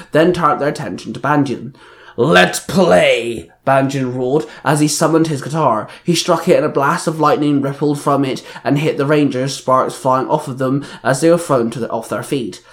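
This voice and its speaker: A man reads fan fiction aloud, an action story delivered plainly with small slips and restarts. His voice sits in the mid-range, moving at normal speed with few pauses.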